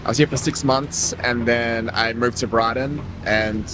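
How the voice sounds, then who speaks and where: A young Australian man with an Australian accent, answering a street interview in a relaxed, hesitant way, full of filler words. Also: medium pitch, unhurried, noisy background. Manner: relaxed, hesitant, lots of likes and laughs. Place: city street outdoors.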